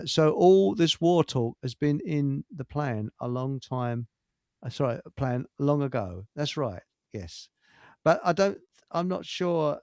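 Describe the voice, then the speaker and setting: A man's voice: on the high side, dry recording, clean studio sound. A man hosting a casual talk show, chatty with frequent stammered restarts. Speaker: host.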